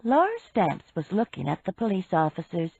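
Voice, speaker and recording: A woman narrates a mystery audiobook in a husky voice, unhurried and expressive. Her pitch moves a lot and she takes her time. The recording is dry and dull, like lo-fi. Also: dry recording.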